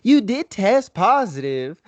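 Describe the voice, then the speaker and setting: A man imitating a sweet, cheery elderly Southern woman with a drawl, in a high put-on voice. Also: sing-song, slow, dry recording, highs cut off, full character voice.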